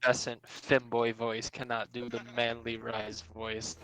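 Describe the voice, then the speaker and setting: A man's voice: mid-range voice, completely flat delivery, normal speed, fairly bright tone, low-quality recording. A man playing a tabletop game over voice chat, teasing and joking with the game master. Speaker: player.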